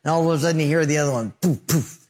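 A man's voice: on the high side, very fast, darkish tone. A male pastor preaching a sermon, telling stories and acting out scenes and sound effects.

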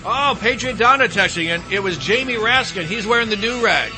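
A man hosting a casual talk show, animated and joking, trailing off into fillers as he talks. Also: high voice, a little fast, music in the background. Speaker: host.

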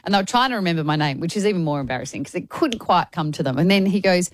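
A quick, low-voiced woman chatting on air as a radio host. She tells stories animatedly and acts out other people's lines. The sound is close and dry. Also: lively intonation, no echo. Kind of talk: casual radio banter, storytelling.

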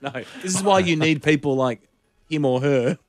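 A man co-hosting a radio show, teasing his partner with deadpan jabs and laughter. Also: fairly high pitch, a little slow, no echo. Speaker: radio co-host. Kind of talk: casual radio banter. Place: radio studio.

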